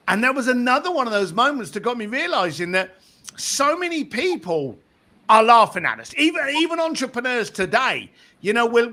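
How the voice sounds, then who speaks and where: A man being interviewed about his book, telling anecdotes in an animated way and acting out the voices of the people in them. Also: high-pitched. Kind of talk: animated storytelling in conversation.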